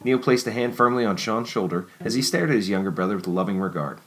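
A man narrating a story in a steady, measured audiobook reading. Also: fairly low pitch.

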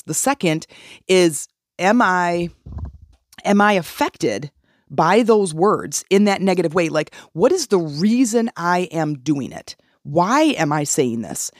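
A woman's voice: on the low side, a little mellow, no echo, studio quality. Earnest woman coaching on self-talk. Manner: earnest, coaching, asks rhetorical questions. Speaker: podcast host. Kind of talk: motivational solo podcast talk.

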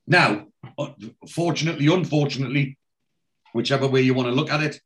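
A man hosting a casual podcast recaps a TV episode scene by scene, reading out characters' lines in his plain retelling voice and filling gaps with ums and restarts. His voice is medium-pitched, fairly quick and fairly bright.

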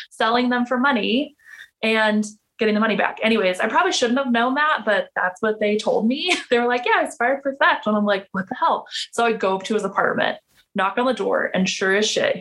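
A woman's voice: medium pitch, a little fast, a bit bright. Chatty woman in her thirties. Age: 30s. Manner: chatty, many "like" fillers, acts out quoted dialogue. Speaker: podcast guest. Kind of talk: casual storytelling.

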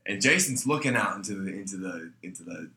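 A man's voice: deep voice, animated, fast. A young man in casual chat, swearing freely and telling a story about kitchen work. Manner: profane storyteller who shouts out the voices in his stories.

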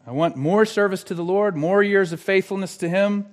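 A man preaching a sermon as pastor, earnest, moving between quiet questions and emphatic declarations. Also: high-pitched, normal speed. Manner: earnest, shifts from hushed to emphatic.

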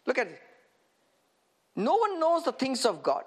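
A man preaching a sermon in an animated way, often laughing and asking his listeners rhetorical questions. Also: very high-pitched, measured pace.

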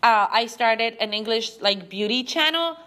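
A young woman talks to her listeners in a halting, emotional monologue, restarting her sentences as tears come close. Her voice is bright and sits a little high. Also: lively intonation. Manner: halting, with frequent restarts and fillers. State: teary. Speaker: podcast host.

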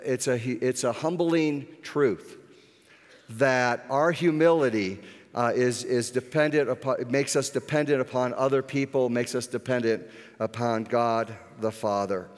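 A man preaching a sermon as pastor, earnest, slowing down on key points, with occasional restarts. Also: mid-range voice. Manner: earnest, with restarts and slowed emphasis. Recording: echoey hall with long reverb.

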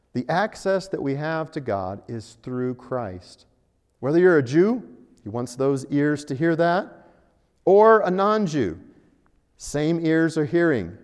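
Earnest preacher in an echoing hall. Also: male voice, on the high side, darkish tone, smooth. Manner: earnest, rhetorical questions, stresses key phrases. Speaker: pastor. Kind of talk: sermon. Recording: echoey hall.

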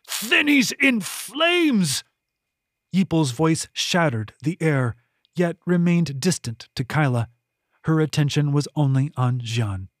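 A man narrating his own fantasy novel as an audiobook, reading in a measured, steady way with dramatic emphasis. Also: mid-range voice, no room sound, clean studio sound.

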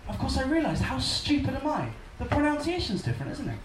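A man's voice: very high voice, sing-song, fast. A man with an English accent doing a stand-up set and teasing the crowd. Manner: playful, mocking the crowd. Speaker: stand-up comedian. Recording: echoey club, distant mic, loud noise.

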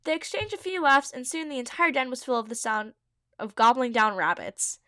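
A woman's voice: on the high side, a little fast, a bit bright, no echo, studio quality. Giggly young woman reading her old story. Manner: giggly, self-mocking commentary. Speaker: podcast host reading her own old writing. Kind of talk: reading aloud with casual asides.

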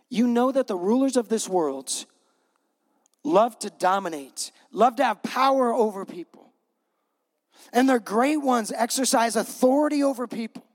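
A man with a high voice preaches to his congregation, telling the story with humor and slipping into voices for the people in it. His words ring out with the long reverb of a large hall. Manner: animated storytelling with acted-out voices. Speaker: pastor. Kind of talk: sermon.

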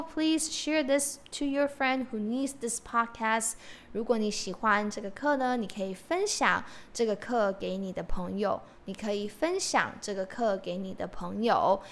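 Slow, high-voiced Mandarin-accented woman teacher. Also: a bit bright. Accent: Mandarin Chinese. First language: Mandarin Chinese. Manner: explains slowly, repeating Chinese phrases and glossing them in English. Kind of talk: podcast language lesson. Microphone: podcast microphone.

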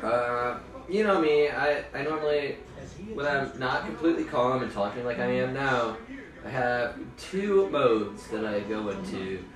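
A man's voice: medium pitch, lively intonation, a little slow, roomy sound, distant mic, crowd noise, poor audio. A man co-hosting a casual podcast, rambling and swearing as he chats and laughs easily. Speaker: podcast co-host. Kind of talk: casual drunk podcast chat.

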